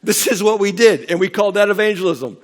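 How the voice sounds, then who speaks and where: Man, middle-aged pastor, sermon, slightly high voice, conversational, halting restarts, emphatic peaks. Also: animated. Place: church sanctuary.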